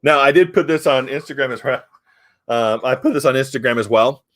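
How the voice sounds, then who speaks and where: A man's voice: medium pitch, fairly quick, fairly bright tone. A middle-aged man from the United States chatting casually about comics, rambling and hesitant but frank. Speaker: comic review host. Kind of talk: casual chat.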